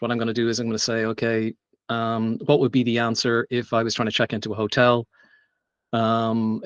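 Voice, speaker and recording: A man's voice: medium pitch, fairly bright tone, smooth, no room sound. A man giving a live tech demo at a meetup, talking casually with frequent fillers and restarts. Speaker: meetup presenter. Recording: dry, dull lo-fi sound.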